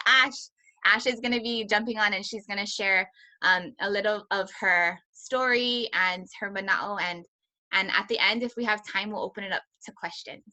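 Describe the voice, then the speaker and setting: A woman from Hawaii hosting a team video call, excitedly introducing a guest and laughing easily. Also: medium pitch.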